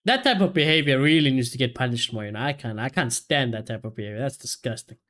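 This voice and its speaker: Excitable swearing football watchalong streamer man. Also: medium pitch, quick pace. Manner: excitable, swears a lot, shouts in celebration. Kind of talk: live football reaction commentary.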